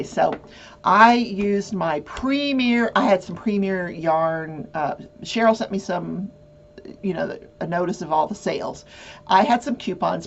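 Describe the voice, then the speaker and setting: A talkative woman hosts a home crafting chat show, rambling on with lots of fillers and restarts. Her voice has a gravelly, creaky edge. The recording sounds dull and lo-fi. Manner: jumps to high squeals when acting out her own reactions. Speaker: host of a crafting talk show. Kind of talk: casual chat.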